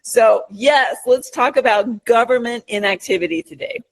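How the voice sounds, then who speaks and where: A middle-aged American woman co-hosting a political talk podcast, chatty and relaxed with many fillers. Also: on the high side, moderate pace. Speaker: podcast co-host. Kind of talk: casual political chat.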